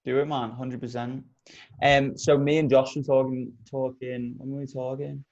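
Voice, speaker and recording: A man co-hosting a podcast, telling a long anecdote in casual chat, full of swearing and lively detail. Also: medium pitch, normal speed, highs cut off. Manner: animated, profane anecdote telling. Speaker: podcast co-host.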